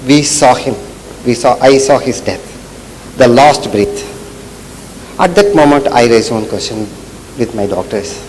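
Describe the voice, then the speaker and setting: A man in the audience asks his question while emotional and close to tears. He speaks haltingly, restarts often and keeps apologizing. His voice rings with a long hall reverb over a faint background hiss. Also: mid-range voice. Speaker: audience member asking a question.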